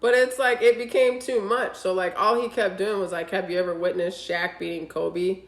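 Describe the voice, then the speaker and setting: A woman with a middle-pitched voice tells dating stories on a casual podcast, acting out each text exchange and cursing freely. Her voice echoes around a roomy space. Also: normal speed, creaky. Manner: animated storytelling, acting out quoted texts, heavy swearing. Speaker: podcast co-host. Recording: roomy echo.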